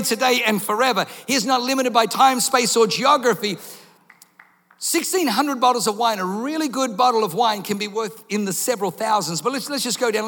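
High-voiced animated male preacher. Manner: animated, jokey storytelling, acts out voices. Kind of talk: sermon. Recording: long reverb in a large hall.

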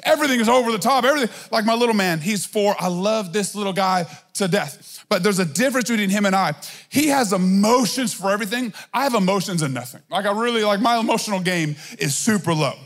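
High-voiced man preaching emphatically. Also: fast talker, fairly bright tone. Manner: emphatic, conversational preaching with many filler "like"s. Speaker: pastor. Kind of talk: sermon.

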